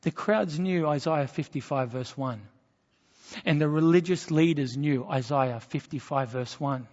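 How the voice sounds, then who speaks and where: A man's voice: on the high side, measured pace. Emphatic male preacher in a reverberant hall. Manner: emphatic preaching, rising to loud climaxes and dropping to hushed lines. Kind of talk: sermon. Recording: dull sound with a long reverb, as in a church hall.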